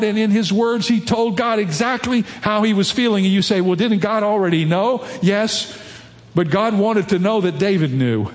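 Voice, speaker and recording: Preaching man in a reverberant hall. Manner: earnest preaching, rising emphatic pitch on key points. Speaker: pastor. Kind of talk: sermon.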